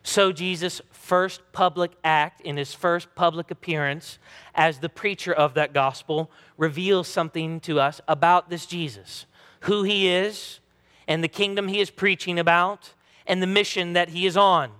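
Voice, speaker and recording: His high voice is bright, forceful and clean, delivered at a measured pace. He's a pastor in his thirties preaching earnestly and emphatically, dramatizing the voices he quotes, with a large hall's long reverb around him.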